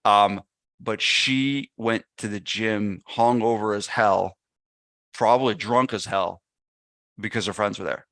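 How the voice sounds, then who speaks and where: A man's voice: on the low side, slow, no echo, clean studio sound. A man guesting on a podcast, telling a casual story and acting out what people said. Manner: animated anecdote teller, acts out quotes. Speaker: podcast guest, gym business owner.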